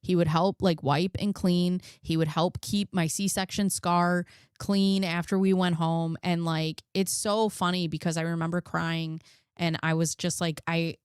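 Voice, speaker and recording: Commentary host, woman, 30s; casual storyteller who laughs easily, lower pitch, crisp voice. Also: flat delivery, a little slow, no room sound, clean studio sound. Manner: chatty and candid, laughs often, reads out case notes.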